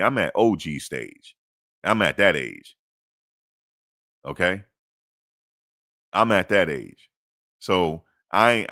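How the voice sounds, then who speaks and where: Man, deep voice, blunt preachy sports talk, AAVE, dry close mic. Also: no room sound. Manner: preachy and blunt, swears, swings to high excited pitch. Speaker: sports show host. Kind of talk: emphatic sports talk monologue.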